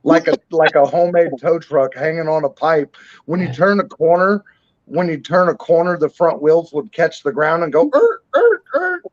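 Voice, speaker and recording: A man's voice: a little high, steady tone, normal speed, no room sound. A man telling blunt, matter-of-fact stories in casual chat. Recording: dull dry lo-fi audio.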